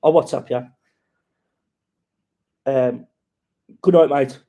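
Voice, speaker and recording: A man's voice: mid-range voice, takes it slowly, mellow. A man hosting a casual live-stream chat, rambling and sweary as he greets viewers and reads out their comments.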